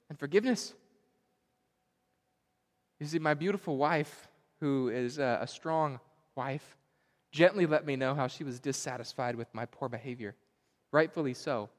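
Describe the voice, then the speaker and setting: A man preaching a sermon on fatherhood in an earnest, confessional way, often pausing and repeating words. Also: on the high side, big-room sound. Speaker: pastor.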